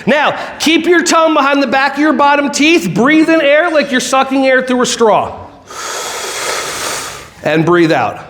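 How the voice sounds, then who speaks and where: A man giving an energetic keynote talk, joking, shouting and singing along with the audience. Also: sits high. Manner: animated, jokey, sings and shouts along with the crowd. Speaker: keynote speaker.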